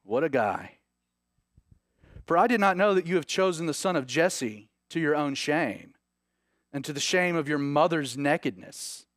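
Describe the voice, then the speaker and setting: A man preaching a sermon, reading scripture aloud and then commenting on it with rising, animated emphasis. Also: on the high side, measured pace, no room sound, studio quality. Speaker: pastor. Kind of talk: sermon, Bible teaching.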